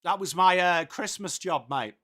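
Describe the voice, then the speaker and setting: A man with an English accent hosts a live football watchalong, calling the play in loose, chatty commentary. His voice sits high and sounds bright. He swears now and then and answers his viewers' comments. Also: normal speed. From England.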